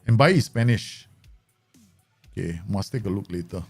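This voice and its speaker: A man's voice: fairly low pitch, expressive, moderate pace, a little mellow, breathy edge, faint music behind. A man chatting casually through a live stream of a football management game, laughing often and making playful asides.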